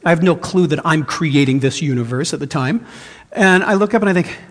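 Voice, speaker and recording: A man's voice: on the high side, animated, fairly quick, in a large hall. A man preaching a sermon as pastor, telling a personal story earnestly with frequent restarts.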